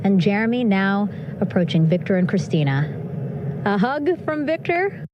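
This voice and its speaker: A woman's voice: mid-range voice, big pitch swings, normal speed, dull audio, background noise. Upbeat woman doing live commentary. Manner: warm, upbeat, chuckling often. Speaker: broadcast commentator.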